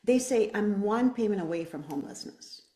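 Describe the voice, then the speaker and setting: A woman's voice: medium pitch, expressive, brisk, dark tone, roomy sound. A woman running for office, answering interview questions with passion and emphatic rhetorical questions. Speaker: political candidate.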